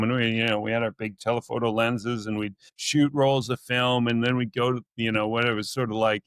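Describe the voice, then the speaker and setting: Ask: a lively naturalist man, storytelling. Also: medium pitch, no echo. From California. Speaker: naturalist guest. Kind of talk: casual podcast interview.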